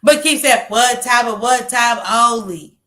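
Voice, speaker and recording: A woman on a call, casually telling a story in animated fashion, laughing and swearing. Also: on the high side, measured pace.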